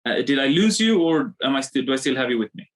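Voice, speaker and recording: Animated man coaching on a video call. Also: medium pitch, quick pace, rough recording. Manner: animated, repeats himself, drawing on screen. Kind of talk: live online webinar teaching.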